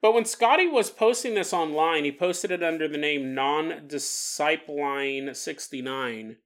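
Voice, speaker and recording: A man's voice: a little high, unhurried, fairly bright tone. A man hosting a paranormal storytelling podcast, chatty and laughing often as he tells the tale. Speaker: podcast host.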